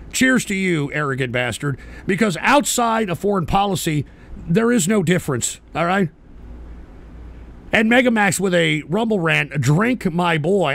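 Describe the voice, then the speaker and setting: Furious, gravelly man ranting into a mic. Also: sits high. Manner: shouting, swearing, berating his chat. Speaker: host of a live call-in stream show. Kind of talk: angry profane political rant.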